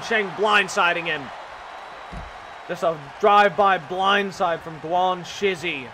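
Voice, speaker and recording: Excitable man shouting game commentary. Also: sits high, unhurried. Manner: excitable, profane, jokey, frequent shouts and laughs. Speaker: gaming YouTuber doing wrestling commentary. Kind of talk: casual play-by-play commentary of a video game match. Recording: loud crowd and game noise behind. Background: video game arena crowd.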